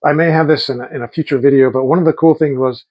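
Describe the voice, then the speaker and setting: A man's voice: on the high side, steady tone, quick pace, lo-fi sound. A middle-aged man telling rambling, enthusiastic stories in a casual vlog. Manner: rambling, enthusiastic, quotes people in voices. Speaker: vlogger.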